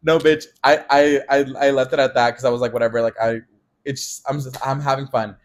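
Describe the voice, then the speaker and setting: A young man in his twenties, co-hosting a podcast and telling a story in a casual chat, animated and laughing often. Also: mid-range voice, moderate pace. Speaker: podcast co-host.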